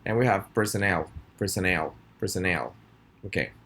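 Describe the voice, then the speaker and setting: A man with a very deep voice, whose first language is Spanish, leads a recorded pronunciation class. He speaks in a friendly way, saying each word slowly and asking students to repeat after him. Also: a bit bright. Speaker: pronunciation teacher. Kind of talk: recorded video lesson.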